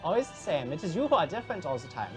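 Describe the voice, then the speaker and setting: A woman's voice: medium pitch, very animated, fast, over music. A woman voicing Alvin, a cheerful and morbid male ghost who presents prizes in a tabletop game, with a put-on accent and a sugary, delighted manner. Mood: indignant. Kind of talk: live-streamed tabletop game.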